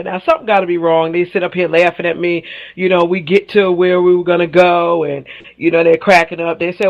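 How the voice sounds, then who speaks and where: A woman's voice: fairly low pitch, brisk, dull audio. A woman guest on a radio talk show, sassy and outspoken, telling stories with lots of laughter and acting out the people in them. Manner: animated storyteller, laughs often, acts out the people in her stories. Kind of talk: casual radio interview chat.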